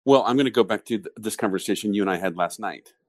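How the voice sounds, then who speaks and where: A man with a very low voice co-hosts a casual business podcast. The recording is dry and close, with no room sound. He explains his ideas through steady, conversational storytelling. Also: fast, dry recording. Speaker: podcast co-host.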